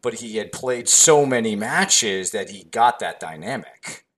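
A man hosting a podcast interview, agreeing with his guest and adding his thoughts in a measured way. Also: lowish voice, lively intonation, a bit bright. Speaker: podcast host.

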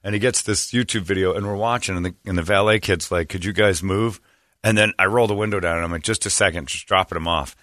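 A man's voice: deep voice, quick pace, no echo, clean studio sound. A man hosting a radio show, telling a story casually and acting out the voices of the people in it. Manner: animated storyteller who acts out quoted voices. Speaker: radio host.

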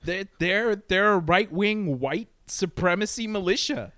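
A man's voice: sits high, expressive, a little slow, a bit bright, no echo. A middle-aged man chatting casually about a movie, rambling and swearing, laughing often. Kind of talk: casual movie review chat.

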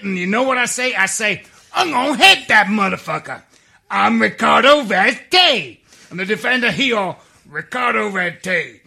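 A man doing a brash, cocky footballer voice, shouting profane boasts in a high, loud voice. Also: gravelly, exaggerated voice. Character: brash swaggering footballer reading his own email, man.

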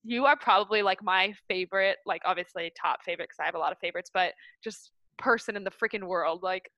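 Bright bubbly young woman co-host. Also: medium pitch, no room sound, lo-fi sound. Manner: bubbly, gushing, fast run-on storytelling with many "like"s. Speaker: podcast co-host. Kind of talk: excited casual chat.

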